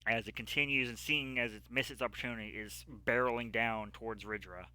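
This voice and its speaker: A man narrates a tabletop fight as game master, pausing often with fillers as he describes the action. His voice is bright and forward. The sound is dry and close, with little room. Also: mid-range voice, steady tone, smooth, no echo. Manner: halting descriptive narration with many ums. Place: home setup, streamed live.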